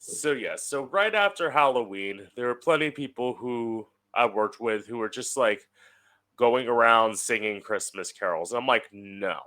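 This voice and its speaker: A young podcast host speaks at a moderate pace in a mid-range voice that's animated, pushed and bright. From home he gives a casual solo monologue, chatty, sardonic, swearing freely.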